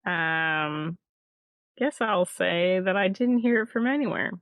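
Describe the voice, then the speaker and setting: A woman's voice: lowish voice, animated, takes it slowly, no echo, narrow, tinny audio. A woman playing a tabletop role-playing game, talking hesitantly and thinking aloud. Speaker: player. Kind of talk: tabletop role-play, casual chat.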